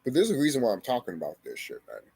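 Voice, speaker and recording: A man's voice: mid-range voice, huge pitch swings, rapid-fire, vocal fry, darkish tone, slightly rough, no echo. A young man vlogging a heated personal story, swearing often and repeating himself for emphasis. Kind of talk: emotional personal storytelling to camera.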